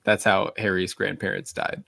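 Creaky deep-voiced man, wry podcast host. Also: level tone, normal speed, bright, forceful tone, dry recording. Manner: wry, sarcastic asides about the book. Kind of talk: casual podcast chat. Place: remote call.

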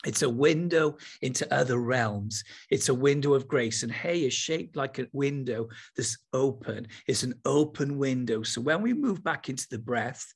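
A man teaching with enthusiasm, then slowing to a soft, unhurried pace to lead a guided meditation. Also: medium pitch, lively intonation, creaky, husky. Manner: enthusiastic, then slow and soft when guiding. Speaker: spiritual teacher.

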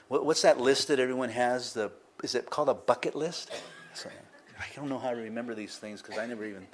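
A man's voice: fairly low pitch, fairly quick, slight background noise. An older man, a pastor, preaching a conversational sermon with frequent asides and chuckles.

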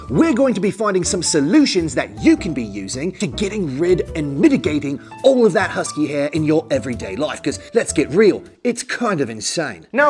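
A man hosts a casual home vlog about his dog, reviewing a product in a joking, playful way. His pitch leaps around with lively swings as he talks. Soft music plays faintly underneath. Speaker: dog channel host.

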